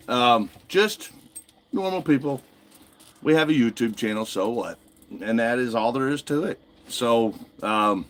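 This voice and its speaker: A man's voice: mid-range voice, animated, unhurried, fairly bright tone. Joking, loose-talking man on a livestream. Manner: joking, loose, swears casually. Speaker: livestream host. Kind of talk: casual livestream chat. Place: outdoors at home at night. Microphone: phone propped up.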